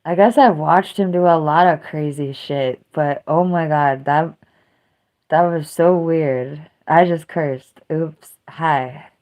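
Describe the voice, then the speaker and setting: A woman's voice: low-pitched, slow pace, a little mellow. A woman hosting a livestream, chatting casually and emotionally, rambling and trailing off. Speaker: livestream host.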